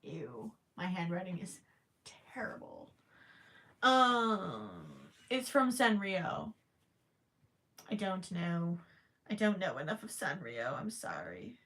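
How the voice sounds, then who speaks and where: A woman's voice: on the low side, expressive, slow pace, pauses often, a bit bright. A young woman casually chatting on a livestream while crocheting, reading viewer questions aloud and teasing herself. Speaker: livestream host.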